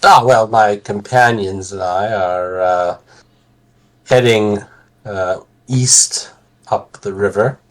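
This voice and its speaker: A man playing a character in a tabletop role-playing game, speaking in a halting, polite manner. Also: fairly low pitch. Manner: halting, polite, stumbling over words. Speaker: player.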